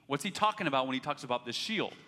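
A man's voice: mid-range voice, animated, fast, sharp tone. A man preaching a sermon in an earnest way, pressing harder when he urges and often restarting his words. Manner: earnest preaching, rising in force when urging, with repeated restarts. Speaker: pastor. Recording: long hall reverb.

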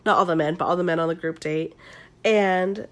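A woman's voice: on the low side, fairly even intonation, normal speed, fairly bright tone. A young woman hosting an ASMR-style recap, talking chattily with lots of fillers and casual swearing. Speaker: podcast host recapping a reality show.

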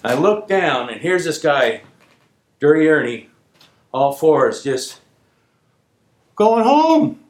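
Speaking slowly with frequent pauses in an echoey room, a medium-pitched man casually tells a true tale from when he was working. It's an animated spoken anecdote in which he acts out the other people's voices.

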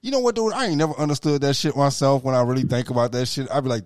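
A man trading crude stories in relaxed podcast banter, laughing often between lines. His voice swings widely in pitch as he gets animated. The sound is dry, with no room echo. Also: fast talker, few pauses. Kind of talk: casual chat.

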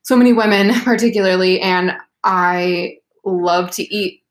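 A woman's voice: fairly low pitch, fairly even intonation, a little slow. A woman dietitian co-hosting a podcast, gushing and talking in a casual way with many "like" fillers. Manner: gushing, heavy use of "like" fillers. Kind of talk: casual chat. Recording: echoey room.

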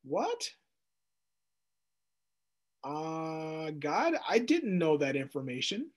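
Man teaching the Bible, high voice, playful, animated, acts out quotes. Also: slow, long pauses.

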